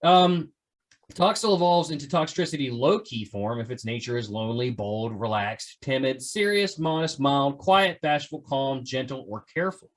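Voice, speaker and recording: A man's voice: medium pitch, normal speed. A man hosting a podcast in a casual, joking way, teasing his co-hosts and reading out facts. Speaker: podcast host. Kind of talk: casual chat.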